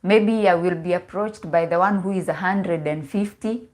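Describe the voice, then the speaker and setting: A woman's voice: lowish voice, normal speed, darkish tone. A woman, a relationship coach talking casually on a livestream, mixing in Swahili words and repeating herself as she goes. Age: 40s.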